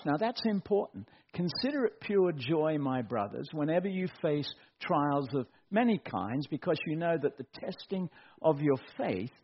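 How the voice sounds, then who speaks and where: Husky man preaching, middle-aged, animated, mock voices, dull lo-fi recording. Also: on the high side. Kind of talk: sermon.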